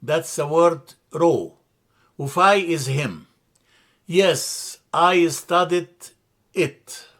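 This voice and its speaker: A man teaching a classroom grammar lesson in a slightly high voice. He talks at a very slow, careful pace and repeats key words for his students. He hesitates often and corrects himself as he goes. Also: a bit bright. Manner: slow, methodical, spells out letters and repeats words; frequent hesitations and self-corrections. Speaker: language teacher.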